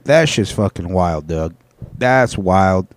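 This low-voiced man has lively intonation and takes things slowly. Reacting to video clips on his casual show, he rambles, curses, and keeps starting sentences over.

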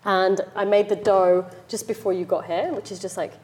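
A woman's voice: mid-range voice, steady tone, moderate pace, a little mellow. A woman, chatting casually as a guest while she cooks in her home kitchen, often saying "like" and "you know". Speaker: chef and podcast guest. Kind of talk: casual chat while cooking.

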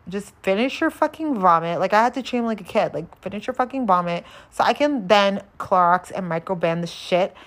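Young woman spilling a wild storytime, super blunt and sweary, animated, pauses for effect. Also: fairly low pitch. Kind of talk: storytime monologue.

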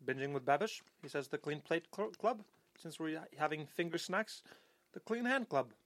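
A man's voice: on the high side, lively intonation, moderate pace, fairly bright tone. A man hosting a podcast, chatting casually in a playful, teasing way. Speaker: podcast host.

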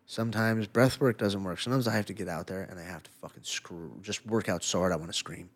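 A middle-aged man in casual conversation, an animated storyteller who swears freely and laughs often. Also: low-pitched, fast. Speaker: podcast guest, former fighter.

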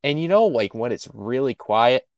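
A man's voice: medium pitch, moderate pace, no room sound, muffled recording. A young man co-hosting a podcast, telling a story in casual chat and acting out the people in it. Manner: animated storyteller, acts out voices. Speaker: podcast co-host.

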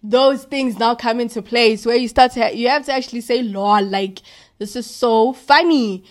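Young woman, higher-pitched, casual faith-talk host, slangy and emphatic. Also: moderate pace. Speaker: Christian podcast host.

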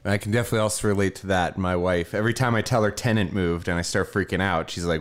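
A man hosting a panel, asking questions in a relaxed conversational way. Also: low voice, fast, few pauses. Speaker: host. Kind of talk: interview questions.

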